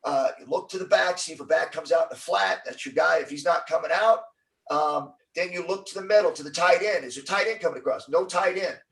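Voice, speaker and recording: A middle-aged man telling a story as an interview guest, acting out the quotes with lively energy. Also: fairly high pitch, fairly quick, gravelly, recorded from a distance, low-quality recording. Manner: animated storyteller, acts out quotes.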